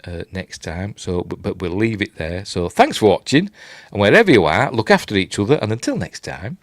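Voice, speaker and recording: Rambling older Yorkshire man, lively pitch. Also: fairly quick, no room sound, clean studio sound. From Yorkshire, England. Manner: rambling, chatty, self-deprecating, reads viewer comments aloud. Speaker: host. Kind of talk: casual live-stream chat. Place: at home late at night.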